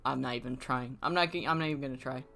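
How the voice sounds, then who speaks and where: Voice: mid-range voice, fast, gravelly, pushed and bright. A streamer booking matches in a wrestling management game, rambling to himself and chat and swearing freely. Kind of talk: casual live-stream commentary.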